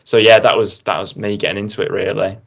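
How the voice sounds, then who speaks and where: Young man, fairly low voice, relaxed guest, casual chat, hedging fillers. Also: quick pace, creaky. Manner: easygoing, thinks aloud with "um" and "sort of". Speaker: guest football YouTuber.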